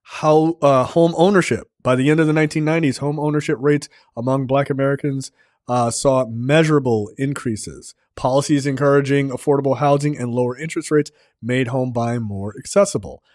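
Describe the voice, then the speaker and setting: A man's voice: medium pitch, a little fast, a little mellow, no room sound, clean studio sound. A man co-hosting a podcast, chatting casually in a brash, profane, joking way. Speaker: podcast co-host. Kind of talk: casual chat.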